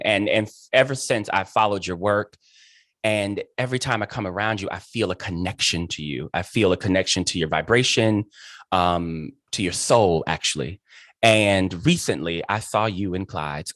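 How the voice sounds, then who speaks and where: Gushing host with a dry sound. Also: male voice, low voice, normal speed, a bit bright, dry recording. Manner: gushing, emphatic, dotted with "child" and "honey". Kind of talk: effusive interview chat.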